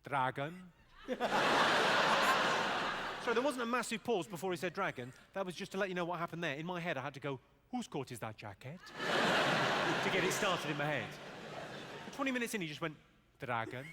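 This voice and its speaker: High-voiced man doing sharp, swearing stand-up. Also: animated, brisk, long pauses. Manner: dry, cutting, swears freely, mimics regional accents. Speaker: stand-up comedian. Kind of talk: stand-up set with crowd work. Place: live comedy arena. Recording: loud audience noise from a stage recording.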